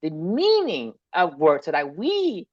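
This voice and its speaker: A woman's voice: on the low side, huge pitch swings, slow pace, no room sound, muffled recording. A woman co-hosting a podcast in casual chat, speaking emphatically and bluntly and swearing freely. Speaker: podcast co-host.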